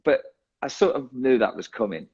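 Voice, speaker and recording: A man's voice: mid-range voice, lively intonation, normal speed, a little mellow, husky, muffled recording. A drummer being interviewed, a man talking in a casual, self-deprecating way who laughs often and restarts his sentences. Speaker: guest drummer.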